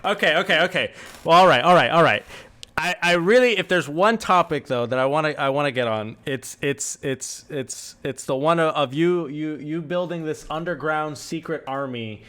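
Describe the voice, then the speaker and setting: A man's voice: on the high side, normal speed, sharp tone. A man hosting a podcast. He teases his guest, laughs often, and stumbles over repeated words while getting to his questions. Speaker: podcast host. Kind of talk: casual podcast chat.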